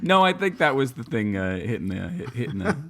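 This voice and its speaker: A man's voice: mid-range voice, big pitch swings, fairly quick. A man co-hosting a podcast in casual chat, playful and rambling with lots of restarts, on a table microphone. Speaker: podcast co-host.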